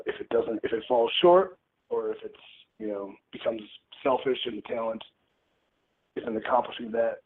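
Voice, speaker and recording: A man, a pro wrestler, answering reporters' questions on a conference call in a candid, wry way, joking about himself over a telephone line. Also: lowish voice. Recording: tinny phone line with faint noise.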